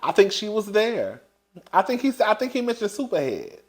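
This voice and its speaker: A man with a slightly high voice runs through the latest celebrity gossip. He is sassy and chatty, and he breaks into laughter as he calls his listeners "girl". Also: wildly swooping pitch, normal speed. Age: older than young adult. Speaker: gossip commentator. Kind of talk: casual celebrity gossip commentary.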